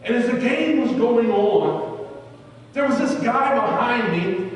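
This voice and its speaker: A man preaching a sermon as pastor, telling a story that swings from loud to hushed. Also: extremely high pitch, expressive, normal speed. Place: church sanctuary. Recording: echoey church hall, from far off.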